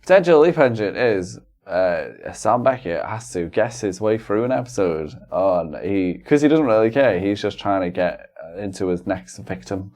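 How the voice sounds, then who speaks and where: A man's voice: fairly low pitch, expressive, normal speed, hardly any pauses, a little mellow. Goofy, playful male podcast co-host. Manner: playful, silly, putting on goofy voices. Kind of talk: joking casual chat.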